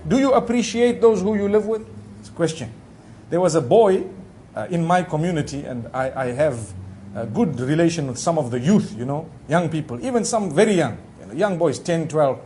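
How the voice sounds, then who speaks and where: A man giving a conversational Islamic sermon, talking directly to his listeners in a relaxed way with frequent asides. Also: on the high side, moderate pace, a little hiss or hum. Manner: relaxed, talks directly to the audience with frequent "you know". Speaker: Islamic preacher.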